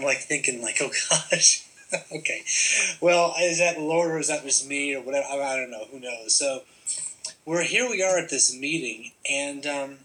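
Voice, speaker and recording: A man's voice: mid-range voice, bright, forceful tone, rough recording. A man telling a personal story in a casual, rambling way, full of fillers and restarts. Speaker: guest telling his story.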